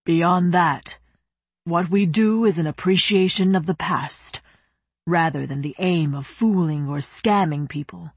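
A woman voicing a stern, proud male official in an audiobook, speaking slowly in formal, lecturing phrases. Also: fairly low pitch, breathy edge, no room sound. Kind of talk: audiobook character voice.

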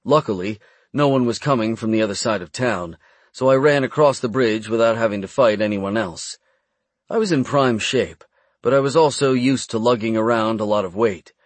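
A man reading a first-person fantasy adventure audiobook in a brisk storytelling manner. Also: fairly low pitch, no room sound. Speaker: audiobook narrator.

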